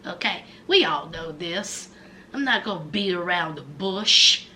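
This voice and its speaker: A woman's voice: fairly low pitch, lively intonation, unhurried, sharp tone, a little hiss or hum. A woman giving a casual, sassy recap commentary, dramatically acting out what people said. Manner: sassy, dramatic, acts out quotes.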